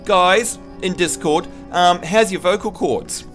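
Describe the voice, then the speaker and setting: A man's voice: high voice, slow pace, a bit bright, faint music behind. A man from New Zealand chatting casually and teasing friends while streaming a game. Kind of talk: casual live-stream chat.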